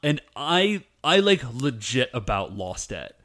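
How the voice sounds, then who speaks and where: A man co-hosting a relaxed conversation, his pitch swinging widely as he recaps a show. He jumps into little voices for each character and talks with loose, enthusiastic energy. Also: slow. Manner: animated, acts out characters' lines while retelling. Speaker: podcast co-host. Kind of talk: casual chat recapping a show.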